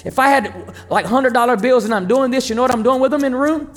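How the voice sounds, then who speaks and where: A preacher giving a sermon in a conversational, emphatic way, with sudden swings between loud and soft. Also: high-pitched, fast talker.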